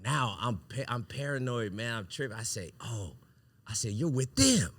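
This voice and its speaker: A man hosting a podcast, telling a wild personal story in a casual, animated, profane way, often breaking into laughter. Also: medium pitch, normal speed, no room sound, studio quality. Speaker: podcast host.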